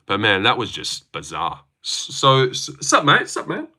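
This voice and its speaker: Excitable Australian young man streaming. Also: mid-range voice, a little slow, breathy edge. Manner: loose, excitable, swearing banter. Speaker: livestream host. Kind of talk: casual livestream chat reading comments.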